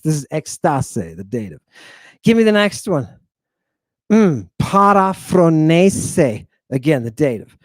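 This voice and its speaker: A man's voice: fairly high pitch, a little mellow, dry recording, clean studio sound. Brash teasing male language teacher. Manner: brash, teasing, quick asides to the class. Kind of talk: informal language lesson.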